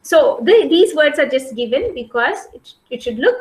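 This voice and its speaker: High-voiced woman lecturing, echoey room. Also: very animated, normal speed, a little mellow. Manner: patient, repeats and checks understanding. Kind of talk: classroom lecture.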